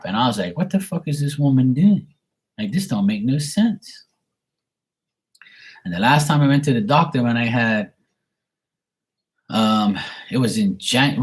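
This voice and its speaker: A man's voice: fairly low pitch, husky. A man in his forties chatting casually on a live stream, telling stories in a profane, ranting way and greeting viewers. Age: 40s. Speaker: live tarot reader.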